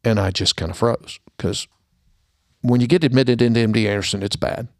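A middle-aged man hosting a podcast, telling a personal story earnestly and going quiet at the sad parts before a holiday message. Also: medium pitch, a little fast, dry recording, studio quality. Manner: earnest storyteller, drops to a hushed tone at sad moments. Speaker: podcast host.

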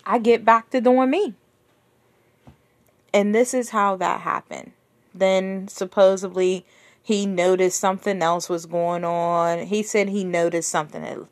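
A woman's voice: medium pitch, no room sound. A young woman hosting a podcast, bluntly and profanely venting about a relationship in candid storytelling. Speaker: podcast host.

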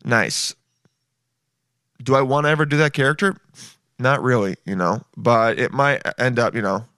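A male comedian hosts a podcast, riffing in a loose, goofy ramble that pokes fun at himself. His voice is bright and forward. The recording is dry and close, with no room sound. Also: medium pitch, normal speed, smooth, no echo. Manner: rambling, goofy, self-mocking. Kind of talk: casual rambling comedy monologue.

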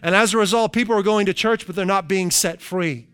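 Middle-aged man, pastor, sermon, emphatic slow phrasing, chatty asides, high voice, dry close sound. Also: fairly bright tone, clear, resonant tone, no room sound. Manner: slows down for emphasis, conversational asides.

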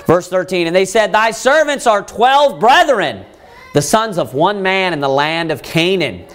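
A man delivers a sermon in a high, lively voice that swings widely in pitch. He reads scripture aloud and keeps pressing his listeners with rhetorical questions. When he quotes the brothers pleading, he raises his voice. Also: a little slow. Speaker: preacher.

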